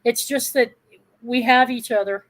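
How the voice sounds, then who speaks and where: A woman's voice: on the high side, fairly even intonation, unhurried. A woman in her sixties speaking bluntly and passionately in a candid live discussion. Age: 60s. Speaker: panel guest.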